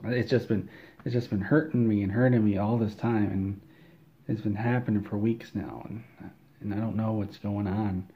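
Guy doing a hurting patient, begging, stumbles and repeats himself, lowish voice. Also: steady tone, dull audio, natural voice. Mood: pleading. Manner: pleading, halting and repeating himself. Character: pleading adult male patient in stomach pain.

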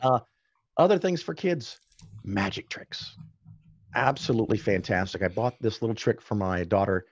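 A man with a fairly low voice tells stories in an easy, chatty way. He breaks off into quick asides and corrects himself as he talks. The sound is dry and a little dull, with a lo-fi edge. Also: no room sound. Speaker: podcast guest. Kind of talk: casual storytelling in conversation.

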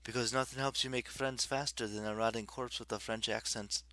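A man reading an audiobook, voicing a brooding teenage boy in a quiet, subdued way. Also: mid-range voice, fairly even intonation, fairly quick, no echo, lightly acted. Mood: wry. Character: brooding teenage boy, son of the underworld god.

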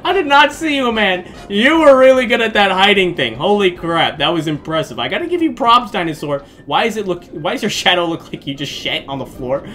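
Animated, bright-voiced male gaming host. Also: a little high, fairly quick, faint music behind. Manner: excitable, jokey, bursts into shrieks and laughter. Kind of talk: let's play commentary.

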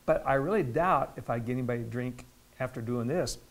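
A male pastor leads a midweek Bible study in a church, speaking conversationally with a medium pitch and a brisk pace. He repeats words and breaks into loud, emphatic stretches.

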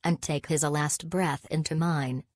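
A vicious nihilistic killer speaks in a low, cold, spiteful voice. The sound is dry and close. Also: female voice, steady tone, a little slow, darkish tone, no echo.

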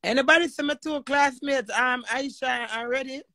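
A woman's voice: high voice, moderate pace, pushed and bright, dry recording. A woman hosting a live chat, talking emotionally and praying in an emphatic, preacherly way. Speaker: livestream host.

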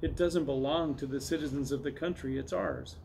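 A man's voice: medium pitch, steady tone, normal speed, creaky, darkish tone, slight background noise, close to an everyday voice. A man reading a storybook aloud, voicing a cautious, worried young boy who gets cross. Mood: wary. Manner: wary, cross.

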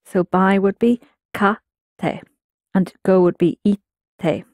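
A woman's voice: mid-range voice, steady tone, takes it slowly, a little mellow, no echo, studio quality. A woman teaching a language lesson, explaining patiently and prompting her students to answer.

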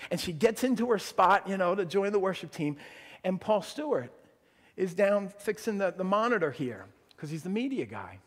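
A man preaching a sermon as pastor, telling a story in an animated way and acting out the quotes. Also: high voice, normal speed. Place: church sanctuary. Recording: long church reverb.

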